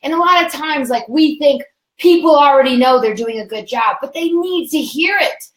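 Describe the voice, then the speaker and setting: A woman author speaking as a guest in a casual conversation, with a high voice. She talks in an upbeat, earnest and slangy way. The recording has a roomy echo. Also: normal speed. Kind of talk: casual chat. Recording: echoey room.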